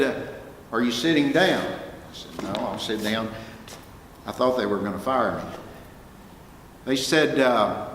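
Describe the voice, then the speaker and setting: An older man with a Texas accent telling folksy, animated career stories to students in a lecture hall. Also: fairly low pitch. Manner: folksy, animated anecdotes with quoted dialogue. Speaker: guest speaker, music producer. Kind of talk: storytelling talk to students. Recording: echoey hall, faint room noise.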